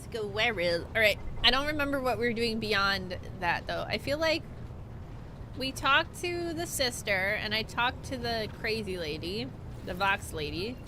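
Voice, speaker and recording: Young woman gamer streamer, playful and chatty, highish bright voice. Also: animated, unhurried, a little hiss or hum. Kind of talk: casual gaming stream chat.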